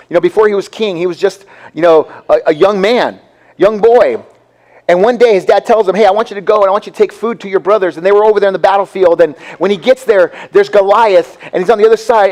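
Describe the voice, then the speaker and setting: A man preaching a sermon as pastor, talking conversationally, acting out Bible characters' lines and dropping low and soft for emphasis. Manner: acts out Bible characters' lines in quick voices.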